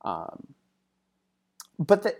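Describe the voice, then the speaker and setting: A man's voice: drawn-out words, darkish tone. A man telling a personal story in a casual, chatty way, full of side remarks and fillers. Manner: chatty, digressive asides and frequent fillers.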